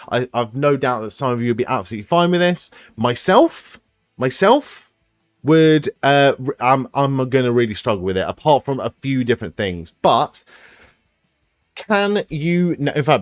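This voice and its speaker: A man's voice: mid-range voice, no room sound. A man chats casually to his viewers on a live stream, talking through his guesses and swearing freely. His voice rises and falls a lot. The sound is dry and close, with faint music playing underneath. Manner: thinks aloud, swears freely, quick laughs. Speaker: watch-along stream host.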